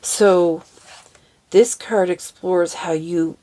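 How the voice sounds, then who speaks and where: A woman's voice: fairly low pitch, fairly even intonation, dark tone. A woman giving a casual oracle card reading, chatty and giddy, laughing often and reading card texts aloud. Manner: slow, careful over unfamiliar words.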